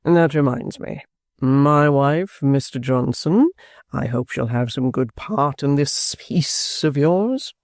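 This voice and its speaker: A man's voice: mid-range voice, lively intonation, no room sound, clean studio sound. A man voicing a pompous theatrical actor who drawls his words grandly. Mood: hammy. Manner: slow, drawn-out, grandly theatrical.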